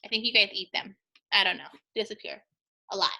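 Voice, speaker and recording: Bright-voiced chatty woman teacher. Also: medium pitch, fairly even intonation, brisk, gravelly, slight background noise, low-quality recording. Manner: chatty, encouraging, jokes with the class. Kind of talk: talking through a math review lesson.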